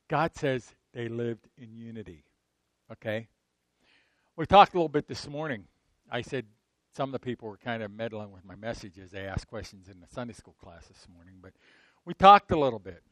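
A middle-aged man preaching a sermon in a conversational way, swinging from loud emphatic bursts to soft asides and asking his listeners frequent rhetorical questions. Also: medium pitch, no room sound. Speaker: pastor.

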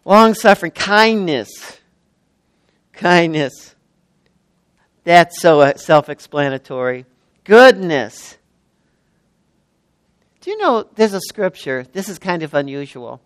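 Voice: mid-range voice, big pitch swings, takes it slowly, pauses often, clear, resonant tone, no echo. A preacher in their sixties delivering a sermon, stressing and repeating key words with frequent exclamations. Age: 60s.

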